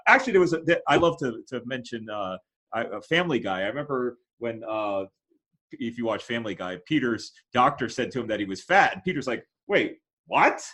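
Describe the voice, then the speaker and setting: Chatty male podcast host, lively up-and-down delivery, casual and joking. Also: medium pitch, a little fast. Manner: chatty, joking, many restarts.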